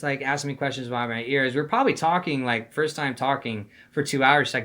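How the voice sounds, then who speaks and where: A young man with a bright, forceful voice tells a story from his own life in a loose, casual monologue. His talk is slangy and profane, packed with "like", "dude" and "bro". His pitch sits at an ordinary middle height. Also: a little fast. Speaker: vlogger telling a personal story.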